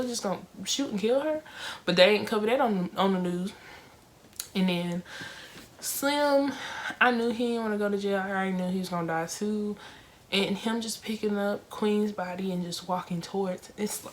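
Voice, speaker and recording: A young woman casually reviewing a film for her viewers, talking in an emotional, expressive way with lots of fillers. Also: medium pitch, moderate pace, slight background noise.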